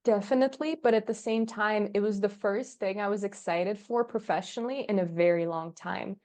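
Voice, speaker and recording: A young woman, a podcast guest, chatting casually and telling lively stories, acting out the dialogue and laughing often. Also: mid-range voice, moderate pace. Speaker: podcast guest, agency founder. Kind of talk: casual interview chat.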